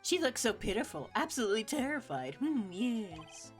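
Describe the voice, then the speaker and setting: A woman's voice: a little high, very animated, soft background music. A woman voicing a shady male hospital director who drawls smugly and purrs his agreement. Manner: slow smug drawl, purring "hmm, yes".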